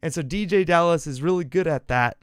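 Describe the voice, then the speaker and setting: A man's voice: a little high, fairly quick, clear, resonant tone, dry recording, clean studio sound. A man hosting a casual solo sports podcast, rambling through an explanation, acting it out with gestures and correcting himself along the way. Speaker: podcast host.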